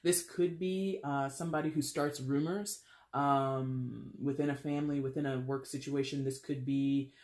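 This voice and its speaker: A man's voice: medium pitch, steady tone, normal speed, a little mellow. Chatty man in an echoey room. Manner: chatty, filler-heavy, wry and blunt. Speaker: tarot reader. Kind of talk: casual tarot reading monologue. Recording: roomy echo.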